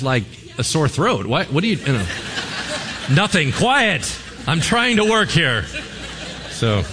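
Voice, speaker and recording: A man's voice: a little high, background noise. A man, a pastor, giving a sermon in a conversational, joking way, often asking the congregation questions.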